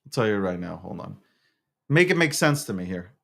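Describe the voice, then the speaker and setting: A man's voice: on the low side, very animated, a little fast, creaky, a bit bright. A man hosting his own show, talking in a casual, slangy monologue with lots of stammered restarts. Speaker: show host.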